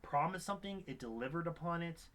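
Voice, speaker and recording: A young man co-hosting a podcast, chatting casually about a film, rambling with many restarts and sudden animated outbursts. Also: fairly high pitch, quick pace. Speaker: podcast co-host. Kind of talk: casual film review chat.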